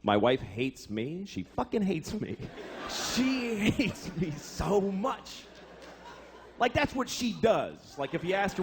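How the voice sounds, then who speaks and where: A man's voice: high-pitched, sing-song, slow, background noise. A man doing a stand-up comedy routine, telling stories in a profane, exasperated way. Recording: live show with audience laughter. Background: crowd laughter.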